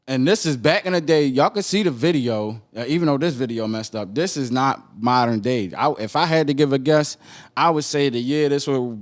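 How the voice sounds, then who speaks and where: Hosting a podcast, a man with a medium-pitched voice and a Baltimore accent gives lively, casual reactions to a video. He repeats himself and keeps asking "right?"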